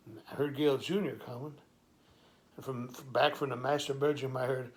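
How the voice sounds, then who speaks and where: A man's voice: medium pitch, normal speed, pauses often. A man telling an improvised comic story in a streetwise, wisecracking way, sometimes stammering through asides. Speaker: comic monologuist.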